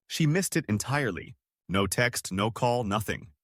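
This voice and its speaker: Male narrator for a story read-out, wry delivery, animated pitch, dry close sound. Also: normal speed, no echo. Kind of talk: scripted narration of reader stories.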